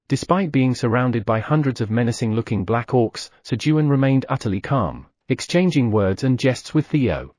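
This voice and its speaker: A man reading an audiobook novel in steady, scripted narration. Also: mid-range voice, normal speed, hardly any pauses, no echo, studio quality. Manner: steady storytelling read.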